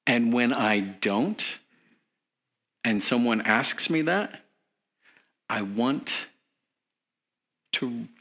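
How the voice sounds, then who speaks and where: Slow, bright-voiced male preacher. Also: medium pitch, animated, husky. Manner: earnest, conversational preaching with questions to the congregation. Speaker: pastor. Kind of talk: sermon.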